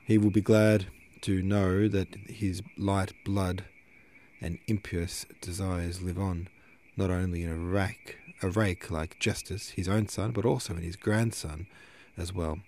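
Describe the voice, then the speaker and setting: A man's voice: deep voice, steady tone, measured pace, a little mellow, slight background noise. A man voicing a stern middle-aged merchant father who speaks with grave, pained indignation in a storybook reading. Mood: indignant.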